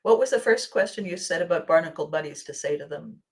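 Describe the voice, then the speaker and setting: A woman from Canada hosting a solo motivational podcast, talking in an animated, playful way and laughing often. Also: fairly low pitch, quick pace. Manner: animated and playful, laughs often, acts out little quoted exchanges. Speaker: podcast host.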